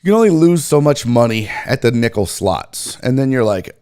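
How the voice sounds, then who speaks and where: A man's voice: mid-range voice, very animated, moderate pace, a little mellow. A middle-aged man hosting a sports talk show, rambling casually with profanity and self-mockery.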